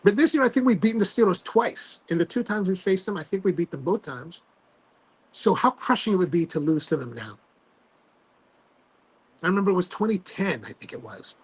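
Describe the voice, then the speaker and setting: Host, male, husky and a bit high-pitched, chatty and animated, lots of restarts. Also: fairly quick. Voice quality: gravelly, husky voice. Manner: animated storytelling with many fillers and restarts. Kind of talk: casual chat on a livestream.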